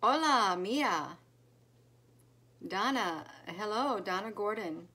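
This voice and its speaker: A woman's voice: medium pitch, steady tone, slow pace, a bit bright. A woman hosting a casual live stream, greeting viewers one by one by name with many fillers. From United States. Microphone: phone.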